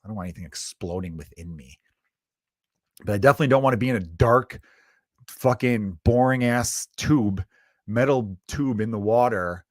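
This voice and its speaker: A man's voice: on the low side, moderate pace, no echo, studio quality. A man hosting his own comedy podcast, riffing and ranting in a profane, exasperated way. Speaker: podcast host and stand-up comedian. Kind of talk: comedic solo rant. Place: lives in Chicago.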